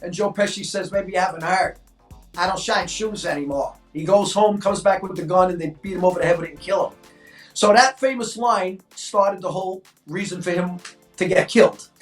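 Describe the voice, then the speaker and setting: Man, 60s, from New York, animated storyteller, echoey room, faint music behind. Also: sits high, a little fast. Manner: animated, acts out quoted voices. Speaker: co-host telling stories. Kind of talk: casual storytelling. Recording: echoey room, mic at a distance.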